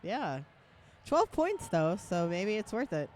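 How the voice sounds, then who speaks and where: A woman's voice: medium pitch, very animated, takes it slowly, a little mellow, slight background noise. A woman announcing a roller derby bout live, giving play-by-play with playful, jokey banter between calls.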